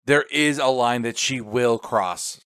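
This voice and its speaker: A man's voice: medium pitch, takes it slowly, fairly bright tone, clear, resonant tone, no echo, studio quality. A man co-hosting a podcast, thinking aloud with a hesitant manner as he discusses a film. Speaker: podcast co-host. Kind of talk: casual film review chat.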